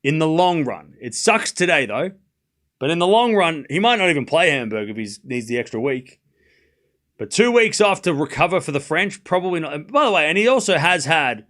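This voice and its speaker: A man's voice: on the high side, fairly bright tone. A man hosting a live stream, chatting casually, often laughing and joking sarcastically as he reads and answers his chat.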